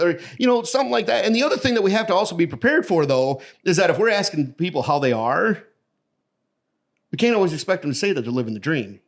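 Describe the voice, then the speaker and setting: Midwest guy in his middle years chatting on a podcast, kinda high voice, acts out the voices in his stories. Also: quick pace. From American Midwest. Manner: animated storyteller who acts out the voices in his anecdotes. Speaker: podcast guest. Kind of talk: casual storytelling conversation.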